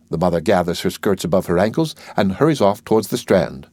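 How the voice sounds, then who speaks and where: A man narrating an audiobook of a stage play, reading the stage directions in a calm, lower narrating voice. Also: brisk, hardly any pauses, no echo, studio quality. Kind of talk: scripted narration.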